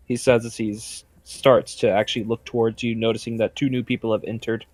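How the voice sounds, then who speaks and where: A man's voice: medium pitch, a little fast, few pauses, no echo. Laid-back man narrating a tabletop game. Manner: relaxed, chatty narration full of fillers. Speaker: game master.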